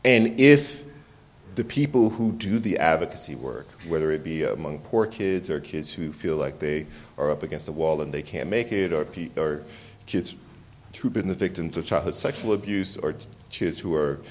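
A man, an author, telling personal stories in an interview with frequent restarts and laughter. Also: very deep voice. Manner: animated, laughs often, halting restarts. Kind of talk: candid conversational storytelling.

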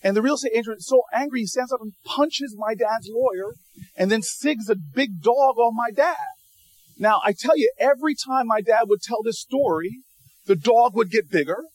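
High-voiced, animated male speaker. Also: normal speed, dry recording, poor audio. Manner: animated and humorous, repeats words when restarting. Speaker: public speaker addressing an audience. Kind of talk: storytelling speech.

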